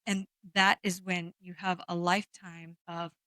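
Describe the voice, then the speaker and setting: A woman's voice: fairly low pitch, level tone, a little slow, sharp tone, no echo. A woman energy healer talking frankly in a casual podcast chat, explaining with the odd swear word.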